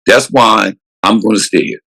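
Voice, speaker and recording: A man's voice: lowish voice, normal speed, gravelly, sharp tone, breathy edge, poor audio. A man, a police chief answering interview questions earnestly and emphatically, often restarting his sentences. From South Carolina, USA.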